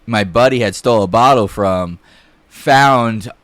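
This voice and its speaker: A man's voice: on the low side, a little slow, fairly bright tone, no echo. A young man telling a casual, rambling story on a podcast, full of fillers and swearing. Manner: rambling, heavy fillers and profanity.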